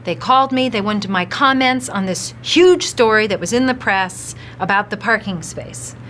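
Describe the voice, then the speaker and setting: A woman's voice: mid-range voice, normal speed, a bit bright, slight background noise. A woman telling a story in an interview in a matter-of-fact, wry way. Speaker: cast member recalling a story.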